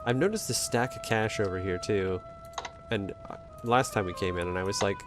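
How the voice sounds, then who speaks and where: A man's voice: deep voice, normal speed, over music. A man streaming a video game, giving casual, joking, self-mocking commentary as he plays. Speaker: let's play streamer.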